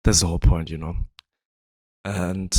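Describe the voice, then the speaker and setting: A man's voice: low voice, creaky, darkish tone, breathy edge, no room sound. A man hosting his own video, explaining his views in a casual, rambling way with lots of fillers, his voice sounding worn and tired. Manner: rambling, frequent "you know" fillers. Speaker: video host.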